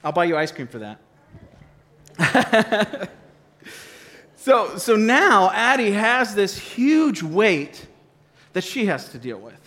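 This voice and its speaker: A man in his forties preaching a sermon, his voice pitched high and lively as he jokes with the congregation. He talks in a loose, conversational way on a worn mic. The sound carries a long reverb from a large church hall. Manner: animated, joking, conversational. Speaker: pastor. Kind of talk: sermon with a live demonstration. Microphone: wearing a mic.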